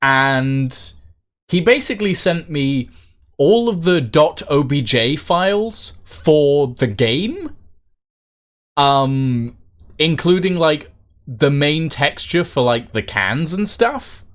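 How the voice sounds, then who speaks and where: A man talks casually on a live stream, circling his point with "um" and "like" as he goes. His pitch moves around a lot while his pace stays slow and easy. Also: animated. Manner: rambling with many fillers and restarts.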